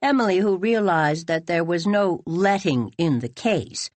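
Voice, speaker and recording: A woman with a low voice reads an audiobook, her delivery measured and unhurried. The sound is close and dry, with no room echo. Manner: measured, even storytelling. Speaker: audiobook narrator. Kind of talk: scripted narration.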